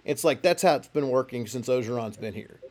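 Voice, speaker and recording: A man's voice: mid-range voice, fairly quick, a little mellow. A man talking football in a casual, rambling way, with many restarts. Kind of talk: casual sports talk.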